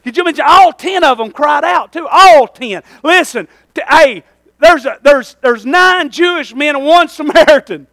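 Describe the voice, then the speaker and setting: High, bright-voiced fervent male preacher. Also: lively intonation, moderate pace, dry recording. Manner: fervent preaching, calls for amen, folksy slang. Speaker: pastor. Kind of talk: sermon.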